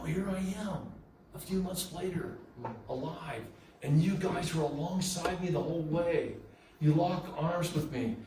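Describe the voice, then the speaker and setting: A man's voice: a little high, darkish tone. A man telling his own recovery story at a meeting, candid and conversational, with many fillers and restarts. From southern California. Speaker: AA meeting speaker. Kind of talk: personal recovery share. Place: meeting room. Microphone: room recording from a distance. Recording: echoey room, distant mic, faint noise.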